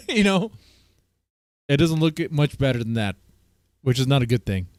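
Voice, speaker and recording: A man's voice: medium pitch, big pitch swings, normal speed, no room sound. Rambling man reacting on stream. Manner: rambling, crude, lots of fillers. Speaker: streamer host. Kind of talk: casual reaction commentary.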